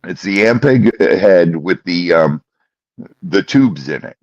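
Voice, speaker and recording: A man co-hosting a podcast in casual chat, an ex-bass player talking gear with eager, opinionated enthusiasm. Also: lively intonation, slow, a little mellow, no room sound, highs cut off. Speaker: podcast co-host.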